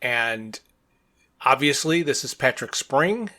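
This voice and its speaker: A man's voice: medium pitch, expressive, takes it slowly, sharp tone. A man co-hosting a podcast, talking through a comic with dry, wry remarks. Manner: dry, wry asides while reading along. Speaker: podcast co-host. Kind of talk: casual comic book discussion.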